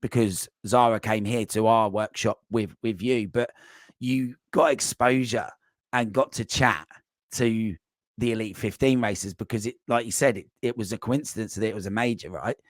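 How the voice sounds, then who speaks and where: Rambling low-voiced male podcast host. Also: normal speed, no room sound, clean studio sound. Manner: rambling questions with many restarts and ums. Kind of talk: casual podcast interview.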